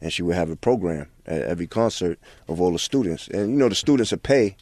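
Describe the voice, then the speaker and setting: A man's voice: deep voice, expressive, fast, darkish tone, no echo. A man in his forties, a guest in a casual interview, talking in a laid-back way with lots of filler phrases. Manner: laid-back, many "you know what I'm saying" fillers. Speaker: guest rapper.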